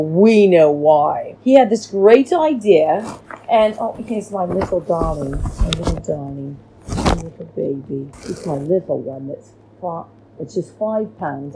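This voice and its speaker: A woman's voice: deep voice, warm tone, a little hiss or hum, poor audio. A woman hosting a podcast, rambling through a casual recap chat and calling her listeners darlings, recorded at home on a cheap microphone. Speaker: podcast host. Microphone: cheap free microphone.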